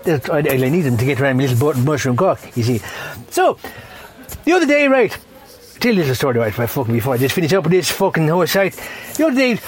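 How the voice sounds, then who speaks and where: A middle-aged Irish man rants in a high, swooping voice, swearing in nearly every breath. He rambles from complaint to complaint with a tipsy, rough-edged comic energy. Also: very animated, quick pace, slight background noise. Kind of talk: profane comedic rant.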